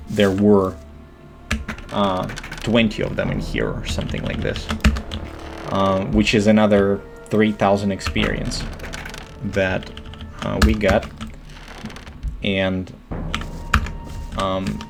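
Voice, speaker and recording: A man giving monotone, hesitant game walkthrough commentary with many fillers. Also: fairly low pitch, creaky.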